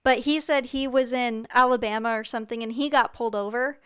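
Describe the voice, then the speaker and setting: An American woman hosts a casual podcast chat. Her voice is strikingly clear and smooth, sitting a bit high. She tells stories in a chatty, easygoing way. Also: steady tone, fairly quick. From United States.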